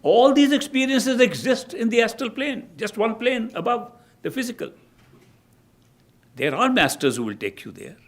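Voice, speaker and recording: High-voiced older man. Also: big pitch swings. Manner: measured, storytelling, restarts phrases. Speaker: spiritual teacher. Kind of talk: spiritual discourse.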